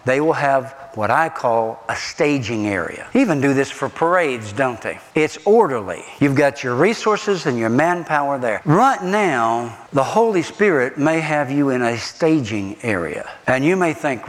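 Man, middle-aged pastor, animated sermon, rhetorical questions, slightly high voice, reverberant hall. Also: measured pace, hardly any pauses.

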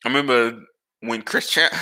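A man hosting a podcast, ranting and rambling about sports in an animated, exasperated way and swearing freely. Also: medium pitch, vocal fry. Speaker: podcast host.

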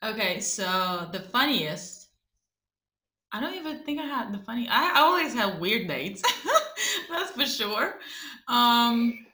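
Bright-voiced woman telling stories. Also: a little high, slow pace, pauses often. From Ukraine. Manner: animated, swears freely, laughs often. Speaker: podcast co-host. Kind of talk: casual storytelling chat. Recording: echoey room.

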